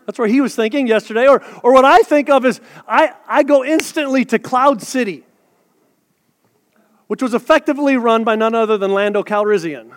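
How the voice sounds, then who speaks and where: A man with a rather high voice preaches to his congregation in a relaxed, talky way, tossing in joking asides. His words ring out with a long hall reverb, as in a church sanctuary. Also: brisk. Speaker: pastor. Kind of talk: sermon.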